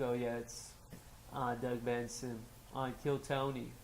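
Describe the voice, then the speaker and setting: A man's voice: medium pitch, level tone, measured pace, creaky, darkish tone, slight background noise. A young man from Los Angeles with a New York-sounding accent, co-hosting a casual chat, loose and rambling, trailing off with fillers. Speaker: co-host.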